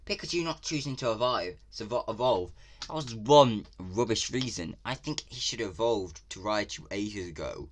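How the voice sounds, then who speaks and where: A man from England with an English accent, giving casual reaction commentary as a video creator, excitable and ranting, swearing freely. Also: lowish voice, normal speed, slight background noise.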